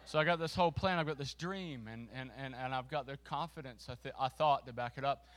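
A man preaching to a congregation, telling a funny story with a volunteer on stage, lively and self-mocking. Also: medium pitch. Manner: lively and self-mocking, with quick restarts and laughter.

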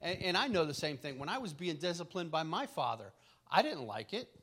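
A middle-aged man preaches a relaxed, conversational sermon, sharing family stories with chuckles and frequent restarts. His voice is on the high side, and he talks a little fast.

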